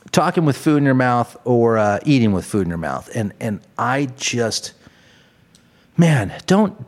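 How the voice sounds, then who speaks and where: A man hosting a podcast, ranting in a casual, comedic way, swearing often and laughing at his own jokes. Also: mid-range voice. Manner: profane, laughing, exaggerated ranting. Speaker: podcast host.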